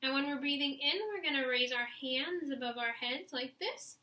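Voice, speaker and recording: Bright, high-voiced woman teaching breathing. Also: moderate pace, echoey room. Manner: encouraging, demonstrates breaths and sighs. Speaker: music teacher. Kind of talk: instructional video for young students.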